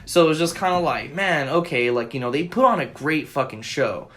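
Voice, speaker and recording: A young man co-hosting a casual podcast chat, telling a rambling, profanity-laden story with excitable bursts, recorded on a phone. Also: on the high side, brisk, background noise. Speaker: podcast co-host.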